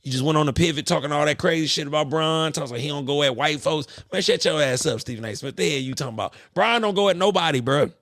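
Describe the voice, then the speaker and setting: Fast-talking profane podcast host, man. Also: a little high, dry recording. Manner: profane, animated ranting. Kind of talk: casual monologue.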